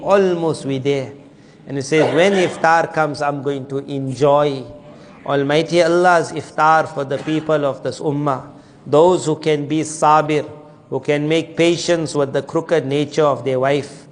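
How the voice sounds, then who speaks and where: A man preaching a sermon, telling stories with acted dialogue. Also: fairly high pitch. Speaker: Islamic preacher. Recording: reverberant hall.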